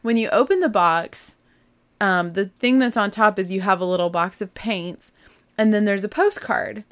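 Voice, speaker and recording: A woman's voice: medium pitch, moderate pace, fairly bright tone. A woman hosting her own podcast, talking casually and gushingly with lots of fillers and asides. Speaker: podcast host. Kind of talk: casual solo chat.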